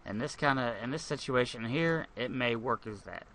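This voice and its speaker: A man's voice: medium pitch, expressive, normal speed, a bit bright, slight background noise. A man hosting a gaming channel, giving loose, rambling gameplay commentary with the odd curse. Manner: rambling, profane, thinks aloud.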